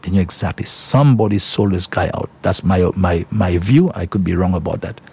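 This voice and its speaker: A husky-voiced man delivers solo commentary. He talks emphatically and repeats phrases for effect. His delivery is indignant and direct. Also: low-pitched, brisk, darkish tone. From Saint Lucia. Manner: emphatic, repetitive, indignant, addresses listeners as folks.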